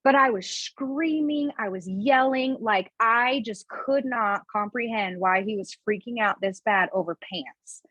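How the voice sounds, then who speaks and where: A woman's voice: fairly high pitch, fairly bright tone, dry recording. A woman in her thirties, a podcast guest, candidly telling a personal family story in a chatty, emotional way with lots of fillers. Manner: emotional, candid, fast-flowing with many "like" fillers. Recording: dull, slightly lo-fi remote recording.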